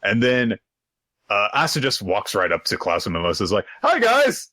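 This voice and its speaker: A man's voice: lowish voice, normal speed, pushed and bright, no room sound. A man co-hosting a podcast, recapping manga chapters in casual chat, acting out characters in jokey voices and swearing freely. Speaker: podcast co-host.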